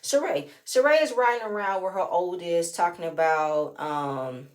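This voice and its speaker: A woman talks through a reality show episode in a casual, sassy way. She sits on the lower side of the usual female range, and she keeps slipping into other people's voices to act out what they said. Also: unhurried. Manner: animated, sassy, reenacts quotes in shifting voices. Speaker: reality TV recap vlogger. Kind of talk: casual recap commentary.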